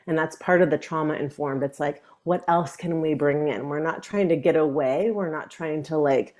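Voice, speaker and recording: A woman guest on an interview podcast, a breathwork teacher speaking gently and reflectively. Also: sits low, normal speed. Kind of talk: conversational interview.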